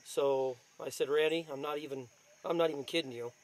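A man's voice: fairly high pitch, fairly even intonation, a little fast. A man casually telling the story of his rattlesnake bite in an interview, rambling with many fillers. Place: outdoors in the desert.

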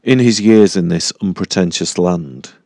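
A man reading a horror audiobook in a measured, deliberate storytelling manner. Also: deep voice, darkish tone, dry recording, clean studio sound. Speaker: audiobook narrator. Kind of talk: scripted horror narration.

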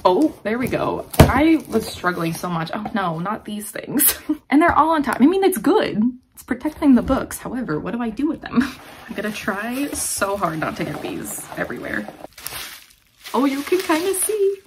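A woman's voice: medium pitch, sing-song, moderate pace, noisy background. A young woman vlogger chatting casually while unboxing, gushing and laughing often with lots of "like" fillers. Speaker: book vlogger.

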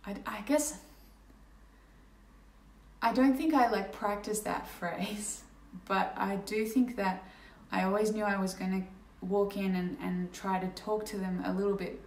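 A woman's voice: mid-range voice, fairly even intonation, measured pace, distant mic, a little hiss or hum. A young woman vlogging casually to camera, rambling a little with fillers and restarts as she talks through an experience. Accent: Australian. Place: indoor room at home. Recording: echoey room, slightly off-mic.

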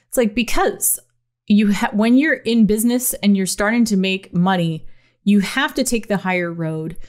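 A woman co-hosting a podcast in casual chat, telling stories in an animated way with laughs. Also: mid-range voice, unhurried. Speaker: podcast co-host.

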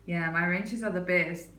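A woman's voice: on the low side, fairly bright tone, echoey room, poor audio. A woman casually chatting on her livestream, reading chat aloud and teasing viewers, with an accent that is not American. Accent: non-American. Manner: playful, teasing, laughs often. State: has a headache.

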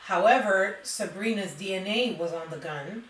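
A woman tells a true crime story in a loose, chatty way, reading quotes aloud and dropping in "like" as she goes. Her voice sits at a middle pitch. She sounds a little far from the mic, in an echoey room with a faint hiss behind her. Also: moderate pace. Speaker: true crime video host. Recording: roomy, distant mic with faint noise.

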